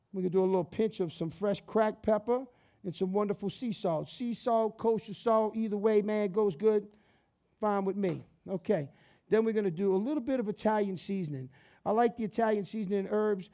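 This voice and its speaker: With a high voice and dark tone, an upbeat, chatty chef from the New Orleans area, Louisiana, runs a cooking demonstration on his show and addresses viewers as "guys" and "baby".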